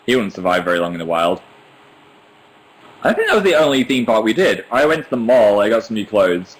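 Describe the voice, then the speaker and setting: A man's voice: fairly low pitch, sing-song, a little fast, low-quality recording. A young British man hosting a casual livestream from home on a laptop microphone, reading viewer comments aloud and chatting in a self-mocking way. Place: indoors at home. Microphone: laptop webcam microphone.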